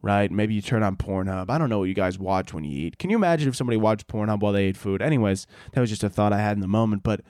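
A man hosting a podcast, telling a rambling, sarcastic rant full of dark humor and exaggeration, with frequent self-interruptions. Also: fairly low pitch, lively intonation, very fast, hardly any pauses, dry recording, clean studio sound. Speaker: podcast host.

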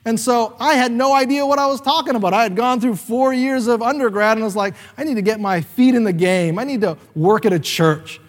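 A man's voice: very high-pitched, brisk, few pauses, big-room sound. A man in his thirties, a pastor, preaching a sermon as a chatty personal story, with fillers and acted-out quotes.

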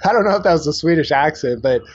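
A man's voice: on the high side, expressive, quick pace, dull audio. A man co-hosting a casual sports podcast, chatty and full of fillers and restarts. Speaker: podcast co-host.

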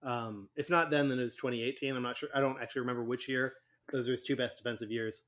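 A man's voice: mid-range voice, fairly even intonation, fast, a bit bright. A man co-hosting a casual sports podcast, talking with many hesitations and fillers. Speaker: podcast co-host.

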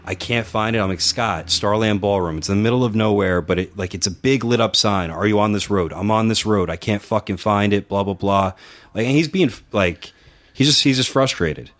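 A man with a fairly low voice spins casual podcast stories. He acts out other people's lines as he goes and swears freely. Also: brisk, fairly bright tone. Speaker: podcast co-host and wrestling promoter.

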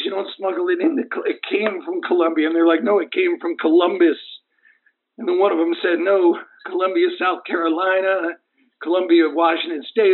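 A man playing a battered, sentimental young football player who rambles and wavers between mumbles and high cries over the phone. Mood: bewildered. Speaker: caller. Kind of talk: comic prank call. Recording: tinny phone line.

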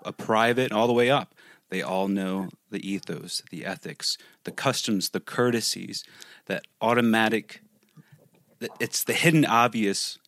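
Male podcast host, lowish voice, loose and conversational, dry close recording. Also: fairly bright tone, no echo. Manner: loose, thinking aloud with fillers. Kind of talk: casual interview talk.

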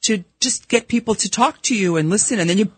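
Husky middle-aged Brooklyn woman. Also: medium pitch, dry recording. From New York. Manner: blunt, fast-talking, frank. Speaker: podcast host and real estate broker, guest. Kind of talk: casual radio interview. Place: radio studio. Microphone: studio microphone.

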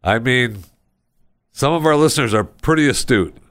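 A man's voice: medium pitch, animated, normal speed, fairly bright tone, dry recording, clean studio sound. A man hosting a podcast, bantering and reading listener reviews aloud in a wry, teasing way. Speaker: podcast host.

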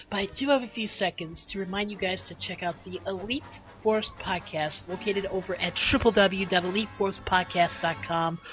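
A woman's voice: mid-range voice, fairly bright tone, rough recording. A woman in a comedic sci-fi radio promo, playing a frantic, exasperated pilot on the run. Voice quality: frantic, exasperated, shrieking outbursts. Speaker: podcast promo voice. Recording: music bed behind.

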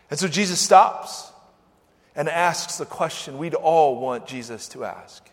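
A high-voiced male pastor, animated and chatty at the pulpit, with a long hall echo. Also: unhurried. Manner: animated and conversational, with sudden swings between loud and soft. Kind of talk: sermon. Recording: long church-hall reverb.

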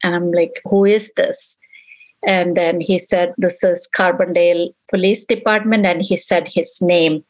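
A middle-aged woman, a mother, giving an earnest, halting personal account in an interview, acting out what others said. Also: lowish voice, steady tone, rough recording. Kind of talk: emotional personal recollection.

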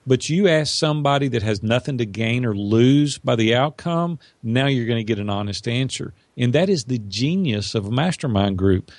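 A man's voice: mid-range voice, normal speed, few pauses, no room sound. A middle-aged man, a podcast guest, telling an earnest personal story and acting out what others said. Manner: earnest, animated storyteller who acts out quotes. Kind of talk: storytelling in an interview.

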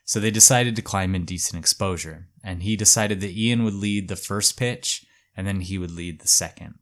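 A man hosting a podcast, casually telling a story with a relaxed, hedging manner and lots of fillers. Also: deep voice, moderate pace.

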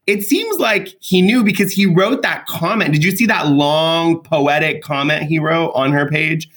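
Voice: medium pitch, measured pace, a bit bright. A podcast co-host in casual gossip chat who laughs often and reacts with disbelief.

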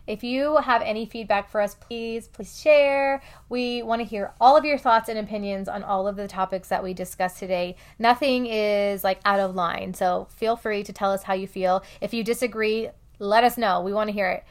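A young woman co-hosting a podcast, telling family stories in a chatty, animated way with acted-out quotes. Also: medium pitch, moderate pace, hardly any pauses. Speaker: podcast co-host. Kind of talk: casual chat.

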